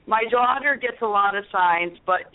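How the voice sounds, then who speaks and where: A woman's voice: mid-range voice, moderate pace, dry recording. A woman hosts a talk radio show in a rambling, candid way and drifts from one story to the next. Her voice comes through a thin, tinny phone line. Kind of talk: emotional casual talk radio chat.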